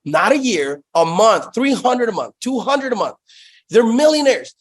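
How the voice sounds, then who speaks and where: A man's voice: very high voice, very animated, a little slow. A young man telling sales stories in a casual interview, profane and hyped, saying "bro" constantly. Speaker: guest, sales company founder.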